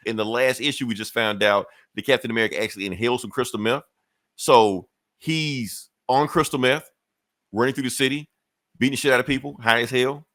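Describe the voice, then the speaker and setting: A man's voice: mid-range voice, steady tone, fairly quick, fairly bright tone, dry recording, studio quality. A man hosting a comic review show, casually retelling a story with profanity and laughter. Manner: profane, laughing retelling with put-on character voices.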